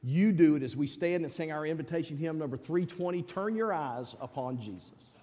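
Emphatic preacher man in a reverberant church. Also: brisk. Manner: emphatic, swings between loud appeals and low asides. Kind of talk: sermon with altar call. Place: church sanctuary.

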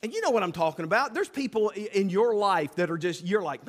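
A male pastor with a drawl preaches in a folksy, lively style, his fairly high voice leaping up and down in pitch. The sound carries a long church reverb. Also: fast talker. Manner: folksy, animated preaching with acted-out asides. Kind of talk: sermon. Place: church sanctuary.

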